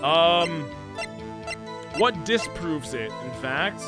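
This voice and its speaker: A man's voice: on the high side, animated, very slow. A man streaming a game, rambling and joking as he thinks aloud. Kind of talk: casual gameplay commentary. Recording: game music behind.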